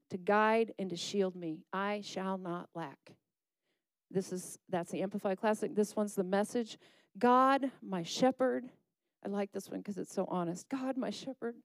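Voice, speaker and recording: A woman's voice: mid-range voice, darkish tone, no room sound. A woman preaching a sermon, reading scripture aloud and driving her points home in short, rhythmic, emphatic phrases. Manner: emphatic, rhythmic preaching with call-and-response asides.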